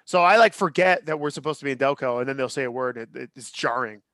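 A man in his thirties co-hosting a podcast, chatting casually in an animated, opinionated way with lots of restarts. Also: mid-range voice, fast talker, no room sound, studio quality. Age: 30s. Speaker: podcast co-host. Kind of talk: casual chat.

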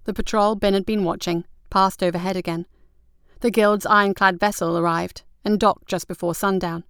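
A woman reads a story aloud in a steady, even manner. Her voice is smooth and crisp. It is recorded close and dry, with no room around it. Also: medium pitch, normal speed, no echo. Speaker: narrator. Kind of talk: audiobook narration.

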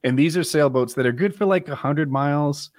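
A man's voice: on the high side, a little fast, dry recording, studio quality. A man in casual chat who rambles, swears and laughs often, acting as a podcast co-host.

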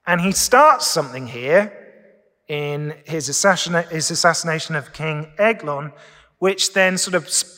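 A man's voice: fairly high pitch, pushed and bright. A man preaching a casual, conversational sermon at Sunday worship, often asking his listeners questions. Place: church during Sunday worship. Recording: long reverb of a church hall.

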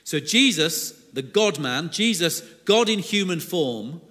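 Bright-voiced preacher in a reverberant church. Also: male voice, a little high, expressive, slow. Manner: chatty, with self-deprecating jokes. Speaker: guest preacher. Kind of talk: sermon. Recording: long hall reverb in a church.

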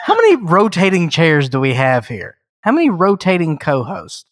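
A man's voice: on the high side, huge pitch swings, moderate pace, fairly bright tone, dry recording. Joking man co-hosting, dry close sound. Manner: rambling and jokey, mock-formal asides. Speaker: podcast co-host. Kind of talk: casual chat.

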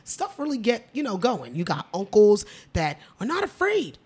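A bubbly woman with a mid-range voice, co-hosting a casual podcast. She tells stories in an excited, giggly way. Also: mid-range voice, normal speed, husky. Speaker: podcast co-host. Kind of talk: casual chat.

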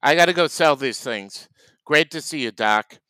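A man improvising a comedy sketch as a food vendor, deadpan. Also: on the high side, moderate pace, dry recording. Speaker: comedy podcast host.

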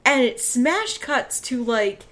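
A woman's voice: a little high, expressive, slow pace, a bit bright. A woman casually discussing a TV episode with her co-host, filling in plot details. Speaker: podcast co-host. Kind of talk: casual chat recapping a TV show.

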